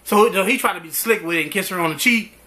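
This TV show reviewer is a fast-talking man whose voice sits high. He recaps a drama episode casually and animatedly, voicing the characters' lines along the way.

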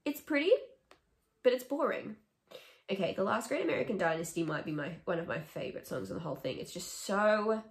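Chatty, sarcastic young woman vlogger. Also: mid-range voice. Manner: chatty, opinionated, sarcastic asides. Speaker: music vlogger. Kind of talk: casual ranking chat to camera. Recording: echoey room.

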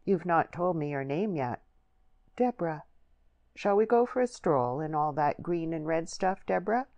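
Audiobook: woman voicing a confident young man, teasing and direct, low voice. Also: animated, normal speed, a little mellow, dull audio.

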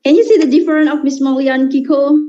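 A shy, soft-spoken woman who dubs cartoons, talking haltingly and searching for words. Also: high-pitched, steady tone, muffled recording. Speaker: voice dubber showing her characters.

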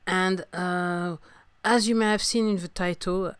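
A woman from France speaks with a French accent in a rather low, slightly slow voice that's clear and resonant, recorded with no room sound. She hosts a casual solo podcast, coughing and talking hesitantly with lots of fillers and restarts as she recovers from a sore throat. She's a podcast host and singer-songwriter.

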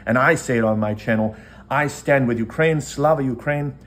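A man's voice: mid-range voice, normal speed, a bit bright. A man from the United States delivers impassioned commentary in a mid-range voice. He talks in an earnest, rousing way, stacking phrase after phrase in long lists. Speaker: online commentator.

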